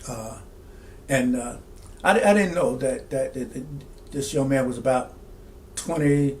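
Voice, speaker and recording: A middle-aged man, a pastor, telling a personal story slowly and reflectively, with many fillers and restarts. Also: mid-range voice, a little hiss or hum.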